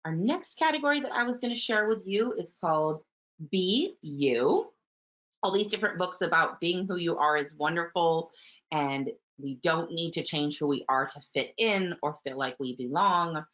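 A woman teaching early childhood, talking warmly about picture books and reading them aloud. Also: lowish voice, animated, normal speed. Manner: warm, gentle, enthusiastic teacher, with soft fillers. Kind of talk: webinar talk with book read-alouds. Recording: muffled webinar audio.

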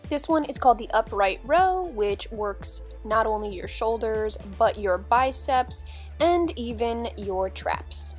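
A woman's voice: a little high, expressive, slow pace, soft background music. A young woman talking through a dumbbell workout in a chatty, upbeat, instructive way, like a fitness vlogger.

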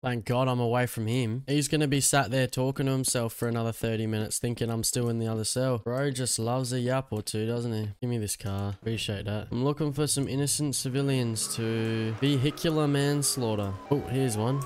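A man's voice: mid-range voice, fairly even intonation, a little fast, few pauses, a little mellow, a little hiss or hum. A young man trolling other players with cheeky, mocking commentary over game voice chat. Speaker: gaming YouTuber.

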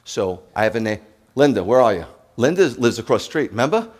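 A man, a rabbi preaching to his congregation in an animated, joking way and speaking straight to the listeners. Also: mid-range voice, quick pace. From New York. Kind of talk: sermon.

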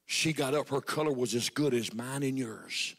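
A man preaching a revival sermon, shouting at times and dropping to a hush at others. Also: medium pitch, moderate pace, vocal fry. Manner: shouting, swinging from loud to hushed.

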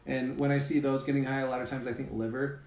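A man, a health practitioner guest, explaining things in a measured, casual way. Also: medium pitch, little pitch movement, a little mellow, echoey room.

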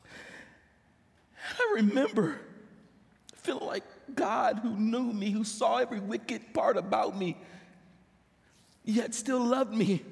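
A man's voice: very high-pitched, animated, takes it slowly, gravelly, long pauses. A male pastor giving an emotional sermon testimony, weeping as he speaks and rising into impassioned pleas. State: crying. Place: church sanctuary. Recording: long hall reverb.

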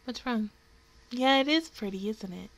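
High, lively, gushing woman reacting to anime. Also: moderate pace. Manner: gushing, squealing exclamations. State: tearful, emotional. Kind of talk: live reaction commentary.

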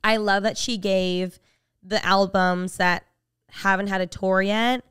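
Young woman podcast co-host, chatty storyteller, smooth voice, dry close sound. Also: mid-range voice, little pitch movement, fairly bright tone, no echo. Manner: chatty storyteller, quick asides and laughs. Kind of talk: casual chat.

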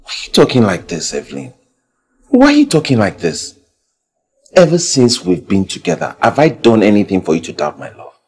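An actor playing a smooth-talking young man with a Nigerian accent, coaxing and sugary. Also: fairly low pitch, very animated, quick pace. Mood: tender. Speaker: lover off to London.

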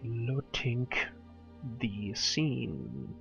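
A man casually commenting on his gameplay, swearing, muttering to himself and yelling at his companion. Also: medium pitch, animated, a little slow, vocal fry, highs cut off, soft background music. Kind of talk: casual let's play commentary.

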